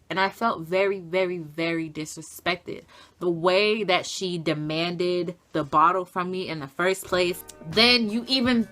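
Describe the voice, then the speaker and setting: A young woman telling a storytime vlog in an animated, profane, emphatic way. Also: fairly low pitch. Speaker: vlogger.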